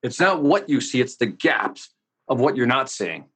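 A man's voice: mid-range voice, very animated, moderate pace, a bit bright, husky. A man from the United States, a sales coach talking energetically with emphatic asides in a casual podcast interview.

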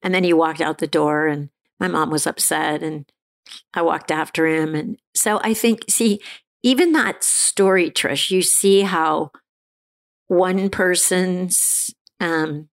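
A middle-aged woman candidly telling her personal recovery story as an interview guest, halting and restarting as she talks. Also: lowish voice. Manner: halting, frequent restarts and fillers, laughs now and then.

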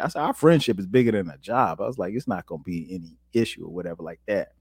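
A man from South Carolina hosting a podcast, telling stories in a relaxed, casual way and jumping up in pitch when he quotes himself. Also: fast talker, hardly any pauses, husky, no room sound, clean studio sound. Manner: animated, jumps high when quoting himself. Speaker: podcast host. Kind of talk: casual storytelling.

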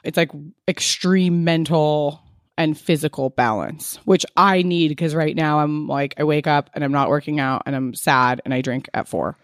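A woman's voice: deep voice, steady tone, normal speed, dry recording, clean studio sound. A woman in her thirties talking candidly and frankly in a rambling chat, using "like" constantly. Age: 30s. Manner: frank, rambling, heavy use of "like".

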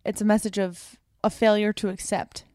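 A woman co-hosting a podcast in loose, casual chat, rambling in quick bursts and laughing between thoughts. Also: mid-range voice, flat delivery, a little mellow, no echo, clean studio sound. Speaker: podcast co-host.

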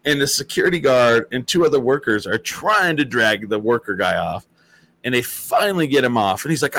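A man hosting a casual chat. He tells stories in a lively, profane way and acts out what people said. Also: mid-range voice, brisk. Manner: animated, profane storytelling with acted-out quotes. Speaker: host.

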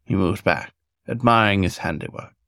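Man with a gravelly low reading voice. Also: sharp tone, no room sound, studio quality. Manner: measured storytelling. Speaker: narrator. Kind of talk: scripted story narration.

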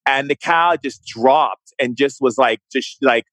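A man's voice: mid-range voice, unhurried, fairly bright tone, dry recording. Male guest, impassioned, frequent restarts, dry close mic. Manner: impassioned, repeats words and restarts often. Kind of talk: emotional conversation.

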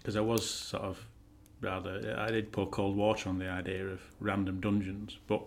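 A man co-hosting a podcast, dry and teasing, explaining his points with measured pauses. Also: fairly low pitch, little pitch movement, creaky. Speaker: podcast co-host. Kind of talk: casual podcast chat.

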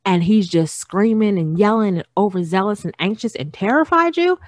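A woman's voice: mid-range voice, expressive, moderate pace, dry recording, clean studio sound. A woman in her thirties hosting a solo podcast, talking earnestly about parenting and repeating phrases for emphasis. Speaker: podcast host. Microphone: studio microphone.

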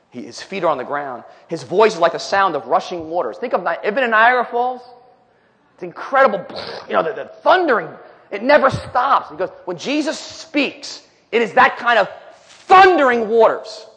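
A man's voice: high voice, fairly bright tone. A male preacher delivering an emphatic sermon, reading scripture aloud and commenting between the verses. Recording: long hall reverb.

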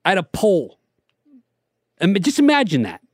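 A man's voice: high voice, huge pitch swings, normal speed, slightly rough, dry recording, studio quality. Profane storytelling man in his thirties. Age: 30s. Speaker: podcast co-host. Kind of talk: casual chat.

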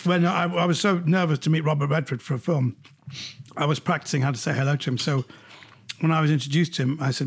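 A middle-aged man from England, an actor guest telling lively anecdotes in casual conversation. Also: a little high, fast talker, vocal fry, a little hiss or hum. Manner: lively, animated storyteller.

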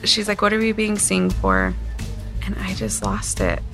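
A woman in her thirties from Utah gives emotional testimony as an interviewee, candidly recounting a painful experience in her own words and sprinkling in many quoted asides. Her medium-pitched voice is sing-song and unhurried with some vocal fry, and music plays in the background.

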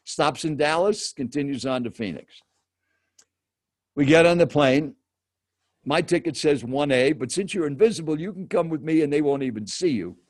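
In a clean studio recording with no room sound, a man who speaks professionally tells a host a personal story at a normal pace. His voice is fairly high, and he narrates with energy, often putting direct questions to his listener.

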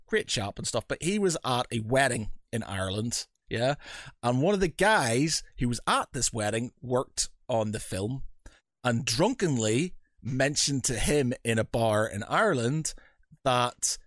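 A man co-hosting a podcast, mid-pitched and lively, who throws himself into anecdotes and acts out everyone's lines. The sound is dry, recorded close with no room around him. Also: no echo. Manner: animated storyteller, swears, acts out quotes. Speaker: podcast co-host. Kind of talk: casual podcast chat.

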